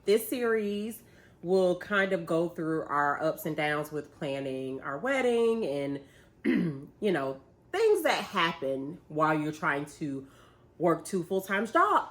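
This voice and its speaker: A young woman, casually telling a story, animated and laughing as she acts out what people said. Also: deep voice, slow. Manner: animated, laughing retelling with quoted voices. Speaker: vlogger, bride-to-be.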